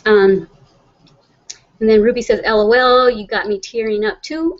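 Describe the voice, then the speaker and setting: A woman's voice: fairly high pitch, fairly even intonation, normal speed, pauses often, highs cut off. A middle-aged woman, hosting a casual livestream, reading viewer comments aloud and chatting in a rambling way with frequent laughs. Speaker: livestream host.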